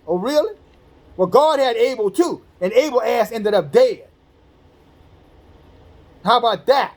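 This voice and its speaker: High-pitched blunt street preacher man. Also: animated, normal speed. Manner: blunt, streetwise, profane commentary; acts out quoted speech in a conversational voice. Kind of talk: informal sermon with scripture reading.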